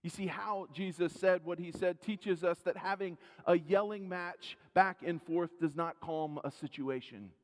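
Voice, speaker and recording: An earnest male pastor preaching in a church sanctuary. He asks the congregation direct questions, swells for emphasis and then sinks into low, quiet lines. His voice is a fairly high male voice, carried by a long hall reverb. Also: a little slow, few pauses. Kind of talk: sermon.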